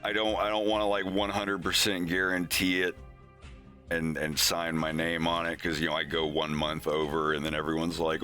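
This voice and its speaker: A man's voice: rumbling low, flat delivery, moderate pace, bright, forceful tone, faint music behind. A man hosting a casual animation progress stream, rambling with many restarts and casual swearing. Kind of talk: casual live-stream chat.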